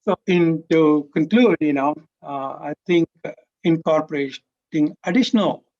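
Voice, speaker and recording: A man's voice: on the high side, measured pace, darkish tone. A man presenting as a university lecturer, talking conversationally and dropping in frequent "you know" fillers. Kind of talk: conference presentation. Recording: dull lo-fi recording.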